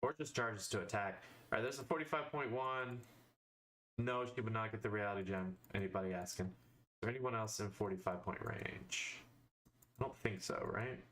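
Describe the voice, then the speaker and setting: A man streaming live, casually thinking aloud as he weighs game cards, with fillers and quick verdicts. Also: fairly low pitch, fairly bright tone.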